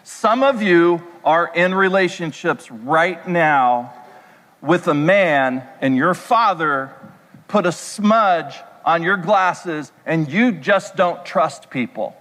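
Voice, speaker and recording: A pastor delivering a sermon in a conversational way, throwing rhetorical questions at the congregation. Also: male voice, a little high, slow pace, a bit bright. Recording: echoey hall reverb.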